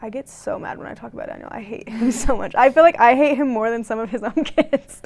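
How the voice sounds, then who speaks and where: Higher-voiced woman reacting bluntly. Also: fast, a little mellow. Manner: blunt, indignant reactions with swearing. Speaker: co-host listening and reacting. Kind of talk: casual conversation.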